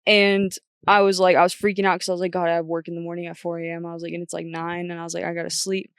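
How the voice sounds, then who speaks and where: A woman's voice: lowish voice, completely flat delivery, rapid-fire, clear, resonant tone, no room sound, studio quality. A young woman guest on a podcast, talking bluntly and chattily, often quoting herself. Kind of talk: casual chat.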